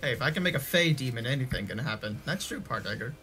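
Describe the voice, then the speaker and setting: A man's voice: medium pitch, animated, fast talker, pushed and bright. A man playing in a tabletop game, talking in a casual, rambling way with a sore voice.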